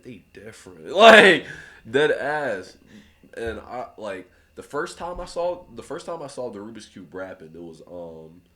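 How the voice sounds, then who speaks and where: A young man, a rapper guest on a podcast, telling a story in a relaxed casual way, laughing often and acting out other people's lines. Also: fairly low pitch. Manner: laughs often, acts out voices in anecdotes.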